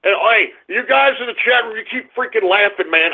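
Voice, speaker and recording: A man hosting a radio show, ranting in exasperation at his chat room, swinging between groans and shouts. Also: high voice, lively intonation, brisk, creaky, few pauses. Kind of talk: exasperated live call-in banter. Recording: tinny phone-line sound.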